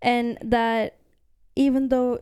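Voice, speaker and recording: A woman co-hosting a casual podcast, chatting in a lively way about a comic's story. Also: a little high, takes it slowly, clear, resonant tone, dry recording, studio quality. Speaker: podcast co-host.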